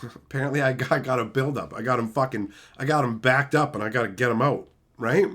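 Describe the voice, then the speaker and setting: A man streaming live, ranting loudly with constant swearing and insults, reading and mocking chat comments. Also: medium pitch, fast talker. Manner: loud, swearing, insulting rants; reads chat comments aloud and mocks them. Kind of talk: profane livestream rant.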